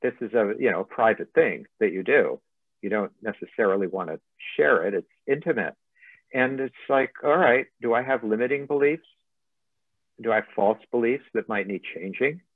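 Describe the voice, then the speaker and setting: A man's voice: on the low side, lively intonation, moderate pace, no room sound. A man, a motivational coach, giving a webinar presentation over a video call. He talks conversationally and tells humorous anecdotes. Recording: thin phone-like line, dry.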